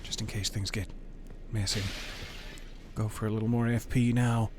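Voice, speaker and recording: A man's voice: fairly low pitch, flat delivery, moderate pace, noisy background. A man streaming a video game, talking casually and playfully to the game and his chat, sometimes reading item text aloud in a mock-dramatic way. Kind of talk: casual gameplay commentary.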